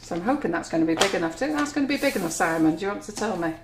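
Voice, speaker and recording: A woman's voice: on the low side, expressive, racing. Woman, cake decorating host, chatty and self-mocking, echoey kitchen. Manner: chatty, giggly, self-deprecating. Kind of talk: live cooking demonstration chat. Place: kitchen studio. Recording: echoey room, faint noise.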